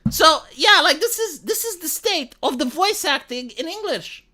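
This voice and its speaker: Profane, exasperated woman streamer. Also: extremely high pitch. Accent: Montreal. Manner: profane, exasperated, fast and animated. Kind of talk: casual live-stream rant.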